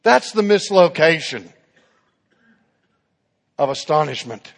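Slow gravelly preacher man in a hall. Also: a little high. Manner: dramatic storyteller, acts out dialogue. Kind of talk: sermon.

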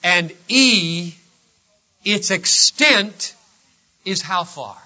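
A man preaching a sermon as pastor, emphatic and swinging between loud declarations and hushed asides, on a dull lo-fi recording. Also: high voice, lively intonation, extremely slow.

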